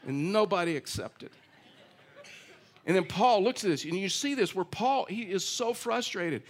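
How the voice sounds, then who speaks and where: Sitting high and animated at a normal speed, this man's voice carries a sermon built around personal stories. The pastor keeps it conversational and pokes fun at himself.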